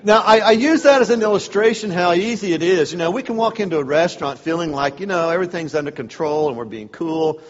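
A man's voice: high voice, fast talker, few pauses. A man giving a humorous talk to a men's church group, telling stories with sarcastic asides. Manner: storytelling, animated, sarcastic asides. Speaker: speaker at a men's church event. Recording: dull sound, long hall reverb.

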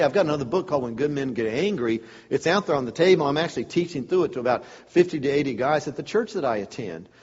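A man gives a funny sermon-style talk, acting out stories with sarcastic asides. His voice is a little husky and swings widely in pitch. The sound is muffled, with a long echo in a large hall. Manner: storytelling, animated, sarcastic asides. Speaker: speaker at a men's church event.

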